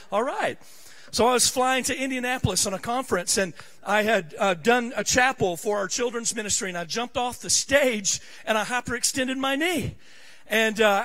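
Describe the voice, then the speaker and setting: A man's voice: high voice, fairly bright tone. A middle-aged male pastor preaching a sermon in a church, telling stories in a conversational way that rises to fervent preaching. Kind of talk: sermon with personal storytelling. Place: church sanctuary.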